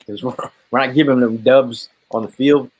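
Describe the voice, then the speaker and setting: A man's voice: medium pitch, steady tone, normal speed, a little mellow, low-quality recording. A man hosting a casual live sports chat, laid-back and joking. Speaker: podcast host.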